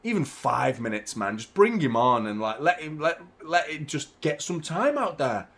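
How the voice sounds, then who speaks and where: Excitable man hosting a football watchalong. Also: a little high, normal speed. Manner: excitable, swears freely, shouts at big chances. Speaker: host of a football watchalong stream. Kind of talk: live match reaction commentary.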